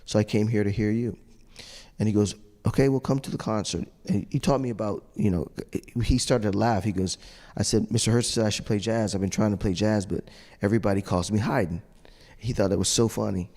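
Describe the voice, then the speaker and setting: A middle-aged man with a lowish voice tells an animated story, acting out the voices of the people he quotes and laughing now and then. His voice rings with the long reverb of a large hall. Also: brisk. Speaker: trumpet player on a judges panel. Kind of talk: storytelling to an audience.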